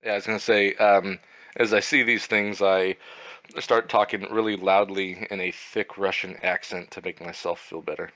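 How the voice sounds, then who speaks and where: A man's voice: low-pitched, flat delivery, moderate pace, bright, forceful tone, dry recording. A man playing a tabletop game, chatting with the group in an easygoing, practical way. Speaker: player.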